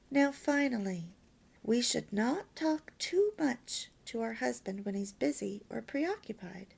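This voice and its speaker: A woman's voice: fairly high pitch, lively intonation, measured pace, gravelly, darkish tone, breathy edge. A woman reading a homemaking lesson aloud as a story, lilting and emphatic with near-whispered asides. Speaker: reader of a homemaking course.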